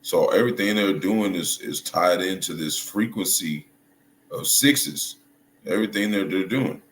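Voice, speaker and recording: Low-voiced male commentator, stop-start and casual, recorded in a reverberant room with a light noise floor. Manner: halting, restarts and hunts for words, checks in with "right?" and "you see?". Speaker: religious commentator. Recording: echoey room with faint noise.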